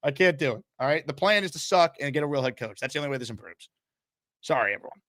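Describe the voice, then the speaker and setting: A man's voice: medium pitch, expressive, quick pace, fairly bright tone, dry recording, clean studio sound. A man hosting a call-in sports talk show, talking in a sarcastic, exasperated ranting way.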